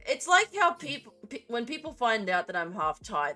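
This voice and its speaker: A woman's voice: medium pitch, sing-song, normal speed, hardly any pauses, sharp tone, soft background music. A woman hosting a casual online chat, playful and teasing, swearing freely. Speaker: host.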